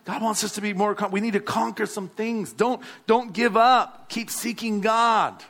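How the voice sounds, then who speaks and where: A man's voice: high voice, steady tone, moderate pace, fairly bright tone. A male pastor, preaching a sermon and calling out to the congregation. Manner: exhorting, calls out to the congregation.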